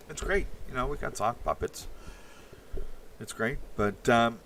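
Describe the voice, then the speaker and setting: A man from Canada, hosting a casual livestream and talking in a halting, rambling way as he answers chat comments aloud. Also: medium pitch, pushed and bright, a little hiss or hum. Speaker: livestream host reading chat.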